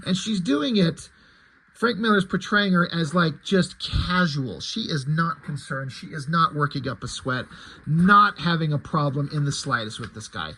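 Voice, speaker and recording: A man's voice: a little high, pushed and bright, husky, poor audio. A man casually retelling a comic book story, enthusiastic and chatty.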